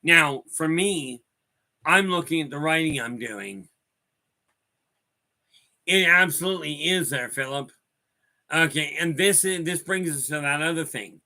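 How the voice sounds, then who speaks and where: A man's voice: on the high side, a little slow, long pauses, sharp tone. A man hosting a spiritual talk stream, rambling through stories and calling out viewers by name. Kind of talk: casual talk answering viewer chat.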